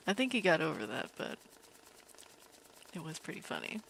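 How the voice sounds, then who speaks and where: A woman streaming a game, chatting casually with viewers in a calm, relaxed way and laughing easily. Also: deep voice, moderate pace, vocal fry, slight background noise. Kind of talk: casual live-stream chat over gameplay.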